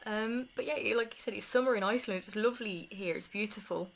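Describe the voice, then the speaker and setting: A woman talking candidly to camera in a rambling, confiding way, laughing softly between thoughts. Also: medium pitch, fast talker, poor audio. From England. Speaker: vlogger. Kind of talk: casual talk to camera.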